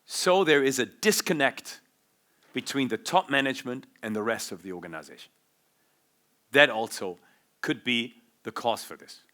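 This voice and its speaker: A man giving a conference talk at a business forum. He explains things in an animated way and uses vivid examples. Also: mid-range voice, moderate pace. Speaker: forum speaker.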